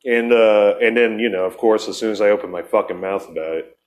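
A man's voice: fairly low pitch, fairly quick, a little mellow. A middle-aged man hosting a podcast, telling a long story in a loose, profane, rambling way and acting out the people he quotes. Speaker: podcast host. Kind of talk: casual storytelling chat.

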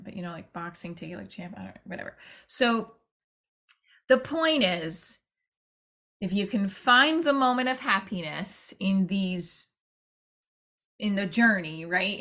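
A woman's voice: mid-range voice, pushed and bright. Woman doing a chatty solo podcast, rambly, lots of asides and restarts. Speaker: podcast host and actor-comedian. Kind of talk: casual podcast monologue.

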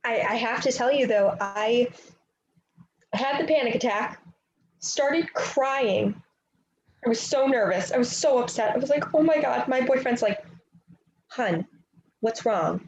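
A woman's voice: fairly high pitch, measured pace, pauses often, echoey room, highs cut off. A woman co-hosting a casual sports chat, telling stories emotionally and laughing easily. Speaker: podcast co-host.

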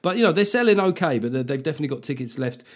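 A man's voice: fairly high pitch, big pitch swings, racing. A man hosting his own comedy podcast in a sardonic, profane, rambling solo monologue.

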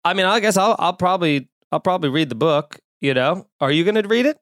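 A man's voice: sits high, lively intonation, quick pace, a bit bright, no echo, clean studio sound. A man in his thirties hosting a comedy podcast, ranting with sarcastic, mocking energy. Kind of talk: comedic rant.

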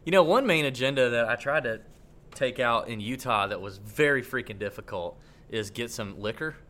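A man co-hosting a podcast, telling a long story in a casual, rambling, animated way. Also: medium pitch, moderate pace. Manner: animated, rambling, acts out quotes. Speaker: podcast co-host.

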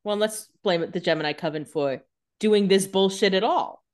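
A woman's voice: medium pitch, normal speed. A woman co-hosting a casual TV recap podcast, blunt and opinionated with casual swearing. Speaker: podcast co-host.

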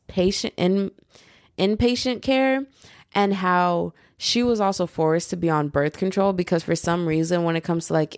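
A woman's voice: fairly low pitch, a little mellow, no room sound, clean studio sound. A young adult woman from the United States hosting a podcast, talking in a rambling, slangy way with a lot of filler "like". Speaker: podcast host. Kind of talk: casual podcast monologue.

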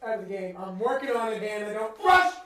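A man co-hosting a podcast, telling profane, animated stories in a casual chat. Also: sits high, fast, distant mic. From Massachusetts. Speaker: podcast co-host. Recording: roomy sound from off mic.

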